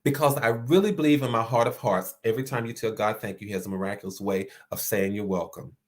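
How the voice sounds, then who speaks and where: A man's voice: on the low side, steady tone, quick pace. A man hosting an inspirational talk, speaking earnestly and repeating key phrases for emphasis. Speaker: host.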